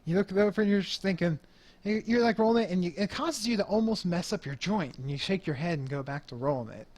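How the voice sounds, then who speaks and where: A man running a tabletop game with a slightly high voice. He narrates loosely, circling back and restarting as he describes the scene. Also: quick pace, a little mellow. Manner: rambling, many fillers and restarts. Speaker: game master.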